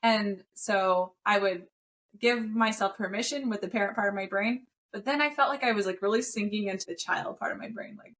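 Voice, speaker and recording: A woman with a mid-pitched voice tells a personal story in casual podcast chat. She speaks openly and plainly, repeating herself as she finds her words. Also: fairly quick, fairly bright tone, a little hiss or hum. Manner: open and candid, telling personal stories. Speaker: podcast co-host.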